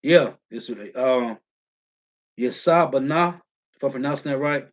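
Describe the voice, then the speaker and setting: A man preaching in a slangy, emphatic way, keeping up a steady "man" as he reads and comments on scripture verses. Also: medium pitch, measured pace. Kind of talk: street-style scripture teaching, reading verses. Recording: muffled lo-fi audio.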